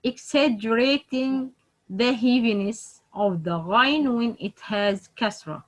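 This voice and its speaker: A woman teaching Quran letter pronunciation online, speaking haltingly with many fillers and repeated example sounds. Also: fairly high pitch, dull audio.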